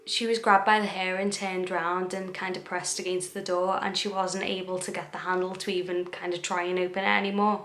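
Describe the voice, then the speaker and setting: Young woman vlogger, casual storytelling, monotone delivery, roomy echo. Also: lowish voice, brisk, hardly any pauses. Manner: chatty retelling with quoted dialogue and fillers. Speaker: true crime vlogger. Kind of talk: casual true crime storytelling. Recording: echoey room.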